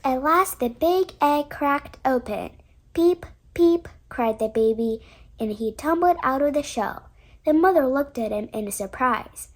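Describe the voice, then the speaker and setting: A woman reads a children's storybook aloud for bedtime, with a gentle storyteller's manner. Her voice sits high and light. The pacing is even and unhurried.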